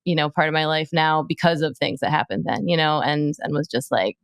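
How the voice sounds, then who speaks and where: Woman, lowish voice, chatty podcast host, encouraging, dry close sound. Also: steady tone, a little fast, few pauses, dry recording. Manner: warm, chatty and encouraging, laughs easily. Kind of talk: casual interview talk.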